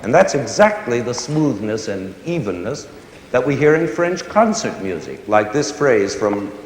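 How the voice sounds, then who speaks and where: A man explaining music to young listeners, his voice rising and falling with lively expression. He stops to sing and hum short examples. The sound is roomy, with a long concert-hall reverb. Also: medium pitch, a little slow. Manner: animated, sings and hums examples. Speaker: conductor giving a concert lecture.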